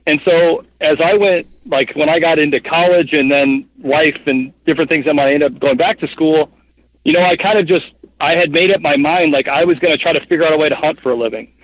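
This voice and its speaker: A man in his thirties, a podcast guest telling stories casually, rambling with lots of fillers in an animated way. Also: fairly high pitch, brisk, dry recording. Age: 30s. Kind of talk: casual storytelling interview. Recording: dull, muffled podcast audio.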